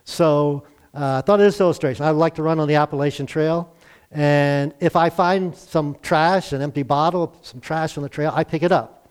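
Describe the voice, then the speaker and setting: A man's voice: on the high side, steady tone, normal speed, clean tone. A middle-aged male pastor giving a sermon in a conversational way, with fillers and questions to his congregation.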